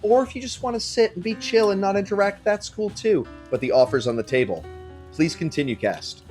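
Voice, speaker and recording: Animated man running a tabletop game. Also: high voice, brisk, faint music behind. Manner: animated, casual, swears freely. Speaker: game master.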